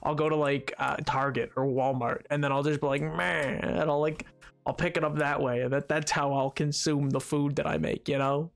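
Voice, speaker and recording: A man's voice: a little high, flat delivery, brisk, creaky, faint music behind. A man live-streaming a game, chatting casually and playfully with his viewers, rambling and pleading in mock protest as he reacts to chat. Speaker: livestreamer. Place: home streaming setup. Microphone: desk microphone.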